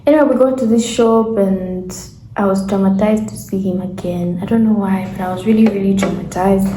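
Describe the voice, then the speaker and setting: A woman in her twenties from Zambia tells a casual story to her vlog audience, with animated laughing asides and acted-out quotes. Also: medium pitch, brisk, slight background noise. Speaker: vlogger. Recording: echoey room with faint ambience.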